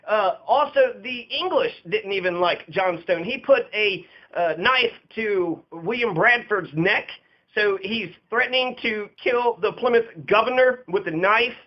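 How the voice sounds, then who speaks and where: A man's voice: high-pitched, unhurried. A man giving blunt, profane, casual commentary on history in a ranting way. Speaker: history podcaster. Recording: dull lo-fi recording.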